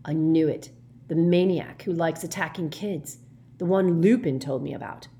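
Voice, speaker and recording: A woman's voice: mid-range voice, a little mellow, pitched above the performer's own voice, close to an everyday voice. A woman voicing an earnest, intense teenage schoolboy in a storybook reading. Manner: earnest, quick.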